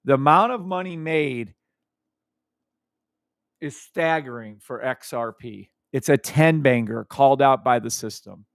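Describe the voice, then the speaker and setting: Male streamer, hyped and teasing, smooth clear voice, dry close mic. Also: medium pitch, unhurried, no echo. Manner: hyped, teasing, hums and chats with viewers. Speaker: trading live-stream host. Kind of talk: casual live-stream chart talk.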